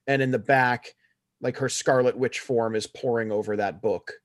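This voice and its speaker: Podcast co-host: a sarcastic, blunt man, mid-pitched voice, close and dry. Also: steady tone, moderate pace, no echo. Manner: blunt, sarcastic, swears casually. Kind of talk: casual chat reviewing a series.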